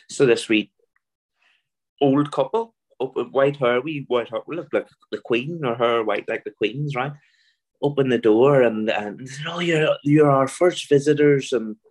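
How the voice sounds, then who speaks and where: Belfast-accented man, low voice, guest storyteller who acts out the people in his anecdotes. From Belfast, Northern Ireland. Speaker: guest author. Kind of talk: storytelling interview.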